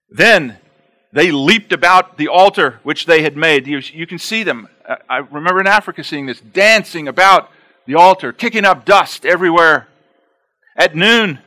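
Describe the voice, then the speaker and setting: A man's voice: on the high side, sharp tone. A man preaching an expository sermon, reading scripture aloud and breaking in with plain-spoken asides, repeating key phrases for emphasis. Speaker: pastor.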